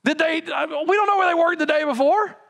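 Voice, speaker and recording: A male pastor preaching a sermon in an animated, conversational way with laughing asides. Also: very high voice, brisk, vocal fry.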